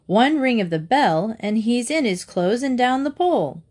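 A woman's voice: fairly high pitch, animated, moderate pace, darkish tone, voice pushed up. Brief: woman reading as a father, stern and wry. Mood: teasing, stern.

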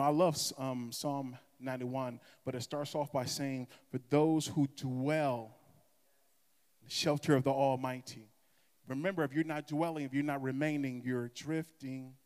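A man's voice: mid-range voice, fairly even intonation, a little slow, a little mellow. A male pastor preaching a sermon in an impassioned, emphatic way. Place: church sanctuary. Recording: echoey church hall.

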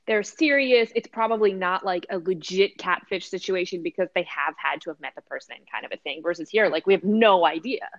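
A young adult woman co-hosting a casual chat podcast, chatty and quick with asides, laughing often. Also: lowish voice, dry recording, muffled recording. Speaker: podcast co-host.

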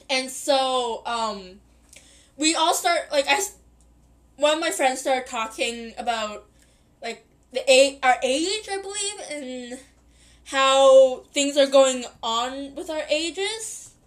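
High-voiced giggly young woman podcaster. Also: expressive, slow. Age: 20s. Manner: giggly, rambling, self-correcting. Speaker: podcast host. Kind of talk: casual rambling storytelling.

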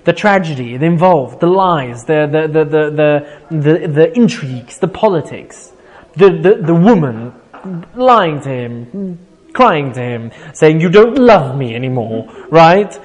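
A man whose voice is a little high teaches an informal Bible class at a measured pace. He brings the story to life energetically, quoting Hebrew verses before paraphrasing them and often tossing in "right?".

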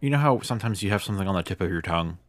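A young man tells a story in a relaxed, rambling way, often amused. His voice sits very low. The sound is dry and close. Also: racing, no room sound. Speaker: storyteller in a casual chat. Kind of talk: casual chat.

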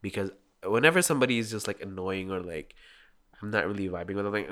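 A man's voice: on the low side, quick pace, a bit bright. A young man chatting casually and rambling, with lots of "like" and frequent laughter. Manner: rambling, heavy use of "like", laughs often.

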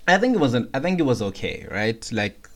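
A man co-hosting a podcast in casual chat, measured and agreeable, weighing his points. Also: mid-range voice, very animated. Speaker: podcast co-host.

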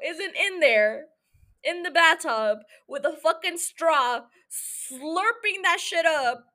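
A woman's voice: high voice, bright, forceful tone. A young woman hosting a podcast alone, rambling through a profane, giggly rant that jumps from one thought to the next. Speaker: solo podcast host.

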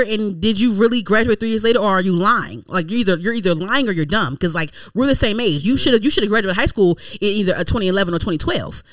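A woman, hosting a podcast and telling a story in casual chat, animated and exasperated. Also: medium pitch, no echo. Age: 30s. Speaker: podcast host.

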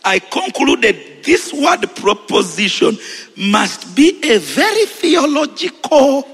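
A Ugandan man preaching a sermon, shouting and repeating phrases with exuberance, then settling into a relaxed storytelling tone. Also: very high voice, takes it slowly, breathy edge, big-room sound.

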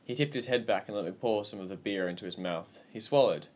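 Man, audiobook narrator, low voice, steady even reading, scripted narration. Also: fast talker.

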